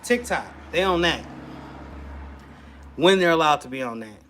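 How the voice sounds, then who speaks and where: A man's voice: on the high side, animated, normal speed, a bit bright, slight background noise. A man, chatting casually to camera in a rambling, laid-back way. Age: 40s. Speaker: custom shirt maker vlogger.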